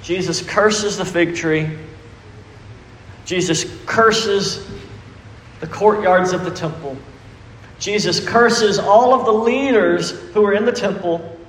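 Male pastor, high voice, emphatic sermon with questions, reverberant church hall. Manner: preachy and emphatic, asks the congregation questions. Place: church sanctuary.

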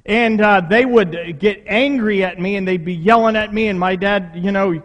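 Speaking at a moderate pace in a voice that sits high, a pastor preaches to his church congregation in a conversational way, posing rhetorical questions. The recording carries the long reverb of a hall.

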